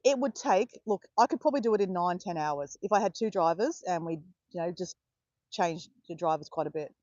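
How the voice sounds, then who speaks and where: A woman's voice: lowish voice, fairly quick, no room sound, lo-fi sound. An Australian woman hosting a live stream, chatting casually and greeting viewers by name. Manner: chatty, addresses viewers by name, bursts of excited cheering. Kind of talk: chatty livestream talk to viewers.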